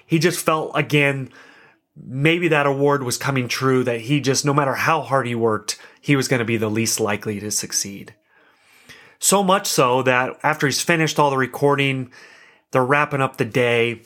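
A man's voice: medium pitch, moderate pace, fairly bright tone. A young adult man hosting a podcast, telling a story in a chatty, self-deprecating way and laughing now and then. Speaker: podcast host. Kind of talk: casual storytelling monologue.

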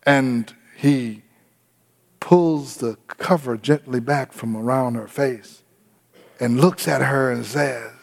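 A man's voice: medium pitch, takes it slowly, vocal fry, in a large hall. A man preaching a sermon, retelling a story and putting questions to his congregation. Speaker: pastor.

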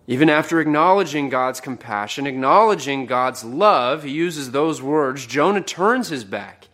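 A man's voice: fairly high pitch, lively intonation, measured pace, hardly any pauses. Earnest man preaching a sermon. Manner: earnest, rises for quoted outbursts and drops to a hush.

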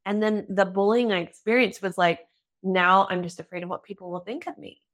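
A woman's voice: medium pitch, a little fast. Chatty woman host in her thirties. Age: 30s. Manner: chatty and candid, laughs often, acts out quoted thoughts. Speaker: podcast host. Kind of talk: casual interview chat.

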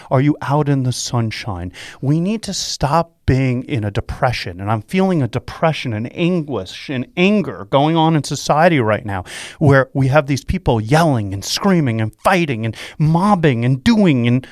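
Man, radio host, motivational, repetitive, swings high and low, dry studio sound. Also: no room sound. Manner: excitable, repetitive, preachy pep talk. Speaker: radio show host and real estate investor. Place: at home during quarantine.

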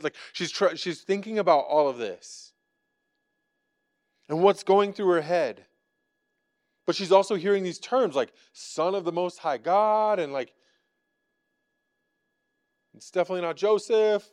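Male pastor, relaxed conversational sermon, somewhat high voice, dry close sound. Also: unhurried, long pauses, dry recording. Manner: casual, conversational preaching with many fillers; acts out quoted lines from scripture.

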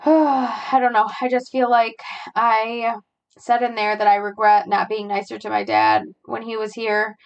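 A young adult woman hosting a podcast, talking through her feelings in a halting, searching way, with frequent sighs and fillers. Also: fairly high pitch, fairly even intonation, dull audio. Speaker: podcast host. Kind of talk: personal reflective monologue.

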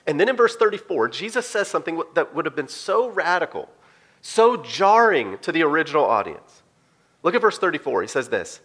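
A man's voice: fairly high pitch, very animated, fairly quick, a bit bright. A man preaching a sermon in a casual, conversational way. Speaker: pastor.

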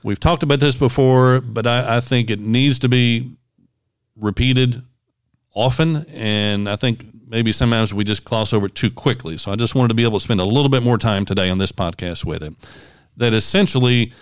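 A man hosting a podcast, explaining scripture in a measured, teaching way. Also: medium pitch, smooth, no echo, clean studio sound. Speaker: podcast host, Bible teacher. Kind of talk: casual podcast chat with Bible teaching.

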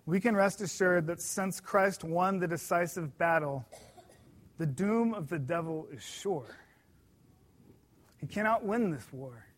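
A man with a notably high voice delivers an earnest sermon. He speaks emphatically, slowing right down to lean on the words that matter most. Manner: earnest and emphatic, slows down to stress key words. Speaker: preacher.

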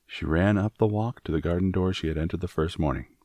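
A man narrating a storybook in a measured, expressive reading. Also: low voice, dry recording, studio quality. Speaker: audiobook narrator.

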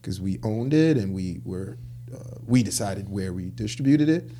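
A man's voice: lowish voice, normal speed, slight background noise. A man telling stories about his business in a casual interview, acting out the dialogue he quotes. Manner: animated, acts out quoted dialogue. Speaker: guest, clothing store founder.

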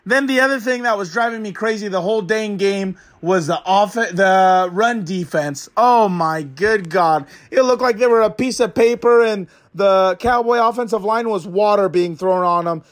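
A man's voice: high-pitched, natural voice. A man voicing a fired-up young male football fan who rants crudely in a comic character monologue. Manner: ranting, exasperated, crude.

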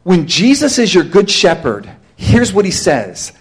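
A man's voice: sits high, wildly swooping pitch, a little slow, slightly rough. A pastor preaching a sermon to his congregation, driving points home with emphatic rhetorical questions.

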